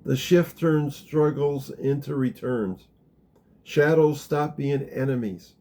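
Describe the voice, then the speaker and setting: A man leading a gentle guided meditation talk, calm and unhurried, dropping very soft in the guided parts. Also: medium pitch. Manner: slow, gentle, drops to a near whisper in the guided parts. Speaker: spiritual teacher guiding a practice.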